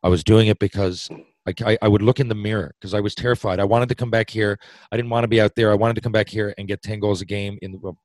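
A man's voice: lowish voice, fairly even intonation, fast talker, darkish tone, dry recording, low-quality recording. A man from Newfoundland with a Newfoundland accent, a podcast guest telling a long hockey story, rambling and restarting his sentences and swearing casually. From Newfoundland, Canada. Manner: rambling, self-interrupting storyteller who swears and laughs easily.

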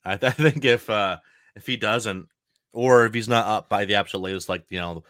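A man with a Northeastern US accent co-hosting a podcast, feeling under the weather with a slightly rough voice, talking in a relaxed, easygoing way. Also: on the low side, fairly quick, no room sound, clean studio sound. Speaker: podcast co-host.

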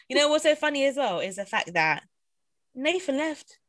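A woman's voice: high voice, very animated, moderate pace, a crowd in the background. A young woman, co-hosting a casual podcast chat, acting out quotes and laughing often. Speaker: podcast co-host.

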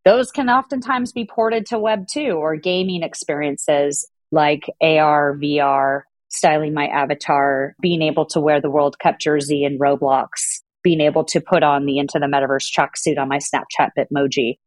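A woman's voice: deep voice, steady tone, moderate pace, hardly any pauses, dry recording. A middle-aged woman from Southern California, answering interview questions in a fluent, businesslike way. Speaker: guest executive.

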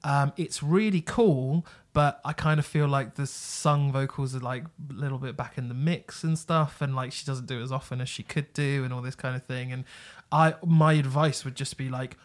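A man's voice: medium pitch, fairly even intonation, moderate pace, few pauses. A man co-hosting a podcast, talking eagerly about bands with lots of fillers and swearing. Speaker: podcast co-host. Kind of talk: casual music review chat.

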